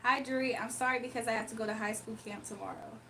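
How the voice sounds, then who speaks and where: A woman's voice: on the high side, steady tone, fast, vocal fry, sharp tone, recorded from a distance, slight background noise. A young woman hosting a casual livestream, chatting, laughing often and reading viewers' comments aloud. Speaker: livestream host doing readings.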